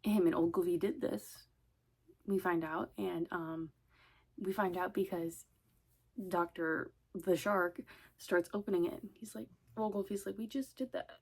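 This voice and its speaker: Rambling woman vlogger, slightly low voice. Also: steady tone, measured pace, a little mellow, breathy edge. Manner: chatty, rambling, laughs often, swears. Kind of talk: casual rambling vlog.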